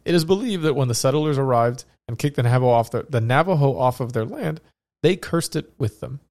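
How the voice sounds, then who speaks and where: A man's voice: mid-range voice, animated, fairly quick, a little mellow, no echo, clean studio sound. A man who is sick, hosting a casual podcast and reading out research in a joking, rambling way that often breaks off mid-thought. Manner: joking, rambling, self-interrupting. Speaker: podcast host.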